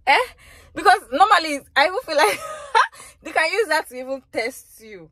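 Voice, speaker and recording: A woman's voice: sits high, expressive, moderate pace, pushed and bright, no room sound. A woman vlogger giving reaction commentary in an emphatic way, repeating phrases for effect.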